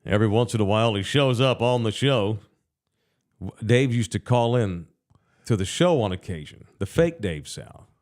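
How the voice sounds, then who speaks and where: A man's voice: on the low side, lively intonation, normal speed, darkish tone. A middle-aged man, co-hosting a sports podcast and telling rambling, profane stories. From Texas. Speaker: podcast co-host. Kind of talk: casual sports talk. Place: bar studio.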